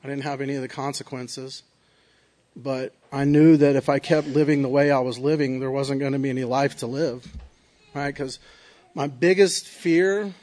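A man's voice: mid-range voice, steady tone, normal speed, a little mellow. A man giving a personal recovery testimony in an earnest, confessional way, often checking in with "right?". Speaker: recovery speaker.

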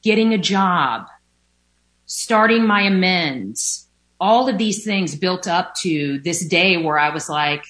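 A woman's voice: on the low side, expressive, takes it slowly, a bit bright. A woman speaking candidly about her recovery from addiction, at home by a window, with many fillers and an occasional swear word. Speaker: recovering alcoholic sharing her story. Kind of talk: personal recovery testimony.

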